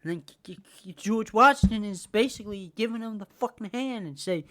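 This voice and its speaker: A woman's voice: fairly high pitch, sing-song, moderate pace. A woman hosting a podcast, ranting casually and heatedly with lots of swearing and repetition. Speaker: podcast host. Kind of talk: casual rant.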